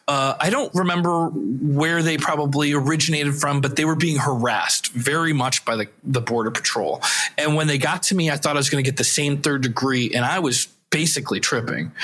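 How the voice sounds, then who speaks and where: A man's voice: on the high side, normal speed, a bit bright. A man on a podcast, telling a personal story in a rambling, self-correcting way. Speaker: podcast host. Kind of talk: casual storytelling.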